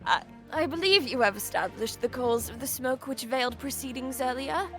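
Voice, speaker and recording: A woman's voice: high voice, moderate pace, fairly bright tone. A woman voicing a pompous elderly British judge in a stately, formal manner on a game stream. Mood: stern. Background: background music.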